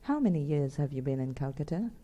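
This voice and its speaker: A woman's voice: sits low, lively intonation, quick pace, dark tone, muffled recording. A woman voicing an earnest young man in an audiobook, asking polite, probing questions. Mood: inquisitive.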